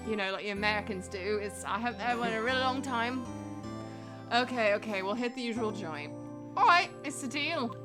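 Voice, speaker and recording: A woman's voice: fairly high pitch, fairly quick, over music, close to an everyday voice. A woman voicing a composed young female defense attorney, reading game dialogue aloud with a light, playful touch. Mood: calm.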